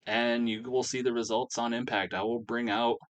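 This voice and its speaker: A man's voice: mid-range voice, level tone, moderate pace, fairly bright tone, dry recording, lightly acted. A man voicing a smug male wrestler cult leader in an offhand, mocking paraphrase. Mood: taunting.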